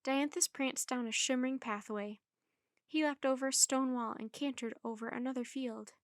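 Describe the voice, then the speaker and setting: A woman reading a children's chapter book aloud in a clear, measured storytelling manner. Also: high voice, fairly even intonation, no echo, studio quality.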